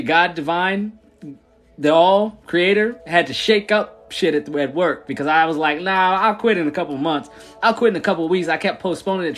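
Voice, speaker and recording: A man's voice: a little high, fairly bright tone. A man who founded a church chats casually on a livestream, answering viewers with slangy talk and frequent laughter.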